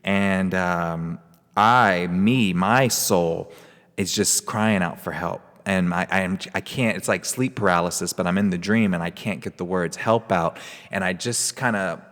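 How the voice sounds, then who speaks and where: A man with a lowish voice tells a personal ghost story in a loose, rambling way. He hosts the show and keeps dropping in casual fillers. A long reverb trails after his words. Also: unhurried, a bit bright. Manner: rambling, laid-back, lots of fillers. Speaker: podcast host.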